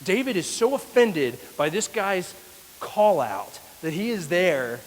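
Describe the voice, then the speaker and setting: Male pastor, lively storytelling sermon, fairly high voice, long church reverb with faint hiss. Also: takes it slowly. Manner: animated storytelling. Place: church hall.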